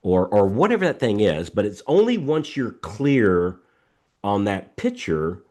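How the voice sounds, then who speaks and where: Middle-aged male coach, low voice, lively swings, emphatic repeating delivery, video-call mic. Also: unhurried. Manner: emphatic, repetitive, animated storytelling. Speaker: coaching host. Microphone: video call microphone.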